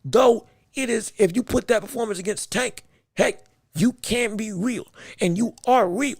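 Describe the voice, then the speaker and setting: A man's voice: high voice, a little slow, gravelly, slightly rough, no room sound, clean studio sound. A man hosting a live podcast who talks casually and playfully, often stumbling and restarting his sentences. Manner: animated, stammering restarts, playful. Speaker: podcast host. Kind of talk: casual livestream commentary.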